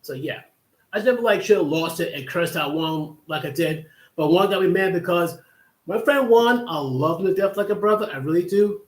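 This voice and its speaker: A man's voice: high-pitched, lively intonation, moderate pace. A man hosting a livestream, telling a long casual story that rambles with many restarts and asides. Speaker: livestream host. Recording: echoey room.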